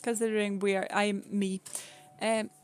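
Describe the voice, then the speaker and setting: A woman's voice: mid-range voice, little pitch movement, normal speed, darkish tone, smooth, faint music behind. A woman whose first language is Swedish, chatting casually while streaming a game, giggling often and rambling with repeated words. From Sweden.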